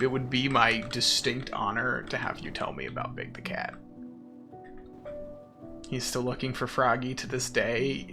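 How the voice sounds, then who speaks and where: A man's voice: mid-range voice, creaky. A man streaming a game, chatting casually and sarcastically with his chat. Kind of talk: casual chat while gaming.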